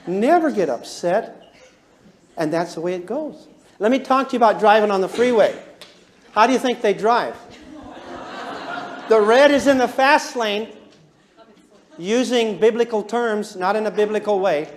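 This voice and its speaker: Man, high voice, classroom lecture, animated, chuckling, asks the class questions. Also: normal speed, pauses often. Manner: animated, chuckles while talking, quizzes the audience. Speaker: instructor.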